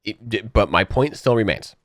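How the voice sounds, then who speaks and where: A man's voice: on the low side, lively intonation, normal speed, a bit bright, no room sound, clean studio sound. A man co-hosting a podcast, arguing politics emphatically with profanity and step-by-step analogies. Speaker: podcast co-host. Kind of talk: heated political debate.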